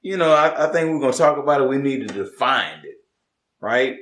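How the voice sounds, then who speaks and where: Lively guy co-host laughing a lot, voice jumps around, echoey room. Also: mid-range voice, fairly quick. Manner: animated, laughing, preacher-like emphasis. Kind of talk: casual chat. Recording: roomy room echo.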